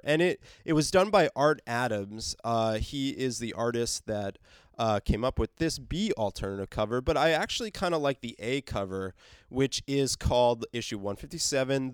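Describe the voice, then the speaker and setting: A man reviews a comic book panel by panel in a loose, rambling way, full of filler words and soft chuckles. His voice is smooth and resonant, and it sits at an ordinary pitch for a man. The sound is close and dry. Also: dry recording.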